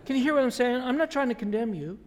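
A man's voice: very high-pitched, lively intonation, fast, a faint crowd. A male pastor preaching a sermon in a conversational, emphatic way, full of rhetorical questions. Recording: long hall reverb.

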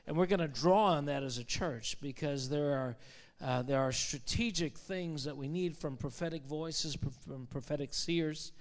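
A man preaching as a pastor in a charismatic sermon, fervent and rising to loud exclamations. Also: on the high side, long reverb tail. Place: church sanctuary.

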